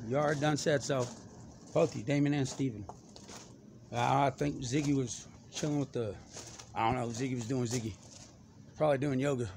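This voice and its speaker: Man, off-the-cuff rambler, average pitch, noisy recording with birds. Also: creaky. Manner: stream-of-consciousness, jumping between topics. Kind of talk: rambling monologue.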